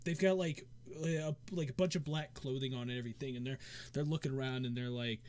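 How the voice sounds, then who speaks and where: A man's voice: medium pitch, fairly even intonation, brisk, a little mellow. A man narrating as game master of a tabletop game, talking loosely, with many restarts along the way. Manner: loose, full of fillers and restarts.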